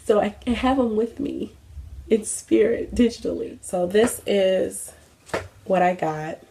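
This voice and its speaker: A woman's voice: medium pitch, a little slow, vocal fry, warm tone, a little hiss or hum. A young adult woman hosting a craft vlog, chatting casually with many fillers and self-mocking asides. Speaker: craft vlogger. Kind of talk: casual chat.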